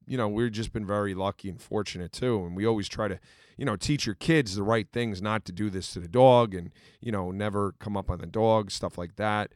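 A middle-aged man chats in a casual, earnest way, filling his stories with pauses and small restarts. His voice sits fairly low. The sound is dry and close, with no room around it. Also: a little mellow, dry recording. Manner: earnest, storytelling, many fillers. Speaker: podcast co-host. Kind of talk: casual chat.

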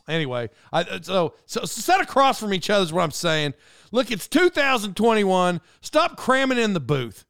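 Here a man hosts a podcast alone in a high-pitched, sing-song voice at a moderate pace, his tone fairly bright and clean. He goes off on tangents, interrupts himself, and rants about minor annoyances, all captured in a clean studio with no room sound.

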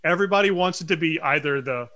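A middle-aged man from Louisiana chatting casually on a podcast, ranting with quick asides. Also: on the high side, pushed and bright. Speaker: podcast co-host. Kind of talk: casual chat.

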